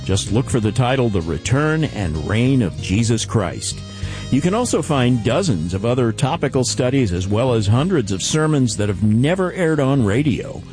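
Lively-voiced male radio host. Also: mid-range voice, normal speed, faint music behind. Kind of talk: radio broadcast announcing and interview.

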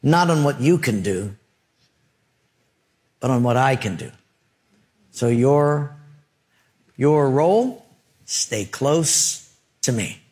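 A man voicing God, speaking slowly and softly with calm reassurance. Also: medium pitch, voice pushed down. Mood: reassuring. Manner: slow, soft, reassuring.

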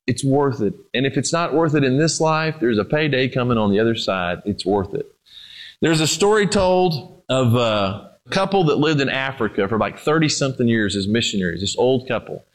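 A man preaching a sermon. He talks straight to his congregation and asks them questions, rising to emphatic lines and then dropping to low, quiet ones. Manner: speaks to the congregation directly, with questions. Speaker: pastor.

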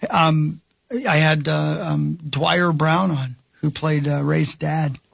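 Man, radio co-host, enthusiastic and rambling, high gravelly voice, dry studio sound. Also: level tone, slow, no echo. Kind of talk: casual on-air banter.

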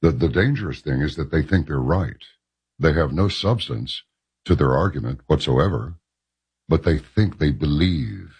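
A man hosting an interview, speaking in a slow, emphatic way. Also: a bass voice, lively intonation, a little mellow, husky. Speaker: host. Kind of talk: interview talk.

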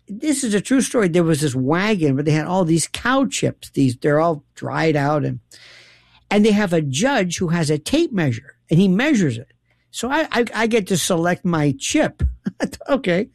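Animated storytelling woman, gravelly low voice. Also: moderate pace, no echo, clean studio sound. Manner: animated, laughing, dramatic quoted voices. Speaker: radio host guest. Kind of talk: casual storytelling chat.

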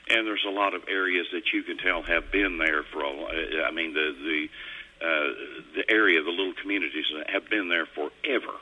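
A man's voice: low-pitched, normal speed, dull audio. A middle-aged man, hosting a radio show in a folksy, rambling storytelling way. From Kentucky. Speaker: radio host. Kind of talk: casual on-air chat. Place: radio studio.

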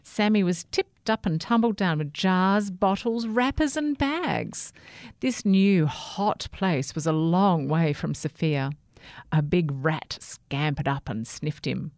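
A woman reading a children's story aloud, gentle and expressive. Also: fairly low pitch, unhurried, no echo, clean studio sound.

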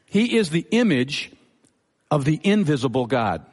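A man with a somewhat high voice delivers an earnest expository sermon, explaining scripture verse by verse. His words ring out with a long reverb, as from a large church sanctuary. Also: big pitch swings, unhurried. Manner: earnest teaching delivery, Bible quotations. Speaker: pastor.

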